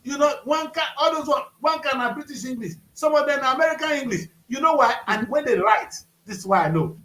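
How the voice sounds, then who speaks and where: Emphatic Nigerian man, high voice. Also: animated, brisk, pushed and bright, roomy sound, low-quality recording. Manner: emphatic, rising to outbursts. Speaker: co-host. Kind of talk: casual panel chat.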